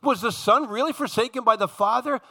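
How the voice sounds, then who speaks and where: A man preaching a sermon with passion, talking straight to his congregation and swinging from loud emphasis to hushed, low tones. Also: fast talker. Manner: addresses congregation directly.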